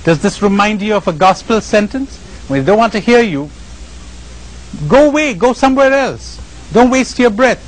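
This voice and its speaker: A man giving a spiritual lecture to a live audience, animated and questioning, often asking the listeners questions and acting out the voices of the people he describes. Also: sits high, normal speed, slight background noise, low-quality recording. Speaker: spiritual teacher.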